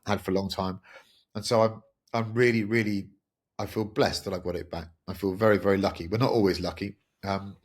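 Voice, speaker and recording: A man's voice: deep voice, slightly rough. A middle-aged man hosting a podcast, telling a personal story in a candid, rambling, wry way. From England. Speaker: podcast host. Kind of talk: casual podcast monologue.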